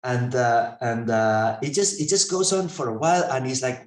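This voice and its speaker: Halting storytelling man, roomy echo. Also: mid-range voice, animated. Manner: halting, many restarts and fillers, storytelling. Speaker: researcher and interviewer. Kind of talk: conversational storytelling.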